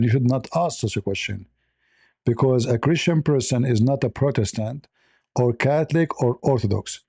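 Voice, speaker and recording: A blunt, sarcastic man answers his chat on a livestream. His voice is gravelly and dark, and it sounds close and dry with no room around it. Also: medium pitch, dry recording.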